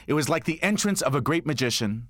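A man performing a comic autobiographical monologue, telling stories with lively energy and deadpan asides. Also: mid-range voice, quick pace, dry recording, clean studio sound. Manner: animated storytelling with deadpan asides. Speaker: comedic monologuist.

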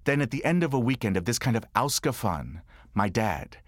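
A man telling a comic story from his childhood in a monologue, wry and animated. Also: mid-range voice, a little fast, dry recording. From New York. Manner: wry, animated, dry humor.

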